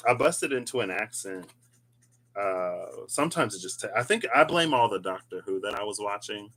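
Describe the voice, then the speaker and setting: A man's voice: fairly low pitch, animated, normal speed, sharp tone, low-quality recording. A man chatting casually through a tarot reading, rambling, laughing often and talking to himself as he goes. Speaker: tarot card reader.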